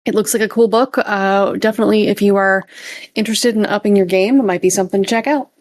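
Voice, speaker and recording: A woman's voice: mid-range voice, fairly even intonation, fast talker, darkish tone. A woman co-hosting a podcast, chatting casually through the news with lots of fillers and easy laughs. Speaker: podcast co-host reading news.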